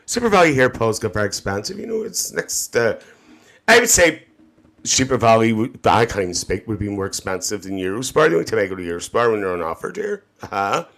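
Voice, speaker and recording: Here the livestream host's voice is lowish, with lively intonation, a slightly fast pace, vocal fry and a fairly bright tone. Speaking in a Northern Irish accent, he voices a cheeky, gossipy middle-aged auntie, reading out viewer comments, calling people "dear" and laughing often.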